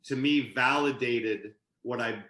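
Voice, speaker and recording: Bright-voiced man telling lively stories in an echoey room. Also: mid-range voice, slow pace. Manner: animated anecdote-telling, laughs mid-story. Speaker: podcast guest, author and sportscaster. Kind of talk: casual storytelling interview.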